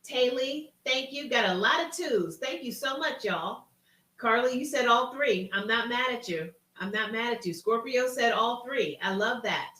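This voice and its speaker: Woman live-stream host, higher voice, echoey room, a bit off-mic. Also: measured pace, bright, forceful tone, far from the mic. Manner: reads out chat names, folksy and encouraging. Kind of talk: casual live-stream talk. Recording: roomy sound from off-mic.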